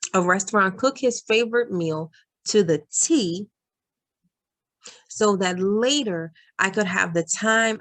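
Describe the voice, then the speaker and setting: A woman's voice: mid-range voice, a bit bright. A woman coach talking straight to her viewers in an encouraging, earnest vlog, giving advice to working moms and calling them "y'all". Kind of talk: direct-to-camera advice vlog.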